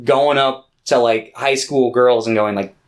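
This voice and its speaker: A man's voice: mid-range voice, steady tone, measured pace. A man co-hosting a movie podcast, rambling with lots of fillers and quoting characters in put-on voices. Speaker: podcast co-host. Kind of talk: casual movie review chat.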